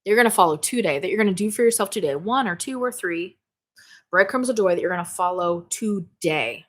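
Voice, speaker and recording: A woman's voice: medium pitch, expressive, brisk. A woman hosting a spirituality live stream, chatting casually and reading out viewer comments. She is bubbly and exclamatory, laughs often and swears casually. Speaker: spirituality livestream host. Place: home office.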